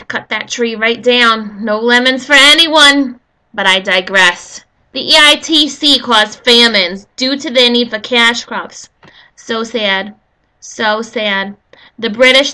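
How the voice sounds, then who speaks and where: High bright chatty woman. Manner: chatty, digressive, jokey asides to viewers. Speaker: history video host. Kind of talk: casual rambling history lesson.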